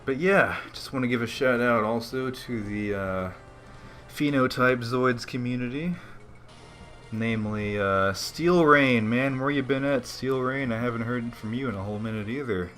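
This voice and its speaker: A man's voice: mid-range voice, normal speed, fairly bright tone, soft background music. A man giving laid-back, slangy commentary while playing a video game and chatting to his viewers. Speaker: let's play host. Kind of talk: casual gaming commentary.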